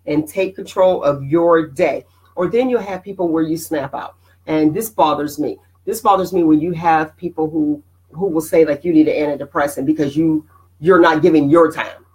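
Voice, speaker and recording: A middle-aged woman hosting a casual motivational live stream, animated and preachy, greeting viewers by name. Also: low-pitched, moderate pace, poor audio.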